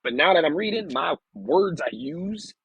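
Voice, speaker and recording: A man reading aloud slowly, sounding out hard words, then talking candidly and casually about his past. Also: fairly high pitch, lively intonation, fairly bright tone, breathy edge, no room sound, highs cut off. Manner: slow halting sounding-out of words, then candid rambling asides. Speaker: vlogger learning to read.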